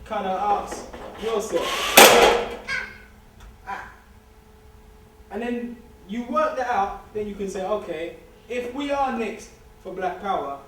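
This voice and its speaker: Speaking informally to a student society, this guest speaker jokes in a streetwise way and repeats his points for emphasis. He has a high, fairly bright voice. The far-off recording in a large lecture hall is echoey, with a little hiss or hum.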